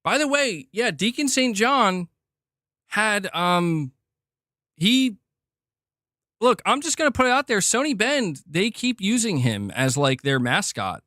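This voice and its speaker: A male streamer on a live show, heated and cursing as he rants about games. His voice sits high and swings widely up and down. The sound is close and dry, with no room around it. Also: slow pace, no room sound. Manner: heated, animated, swears freely. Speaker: streamer host. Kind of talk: casual livestream rant.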